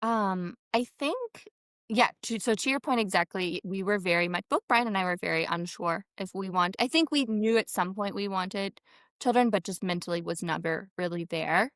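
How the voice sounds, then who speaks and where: A woman talking as an interview guest, mid-pitched and close to a dry mic. She rambles and circles back with lots of fillers. She often slips into quoting herself and others. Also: normal speed, fairly bright tone, dry recording. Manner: rambling, many fillers, acts out quotes. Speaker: podcast guest. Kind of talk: conversational interview.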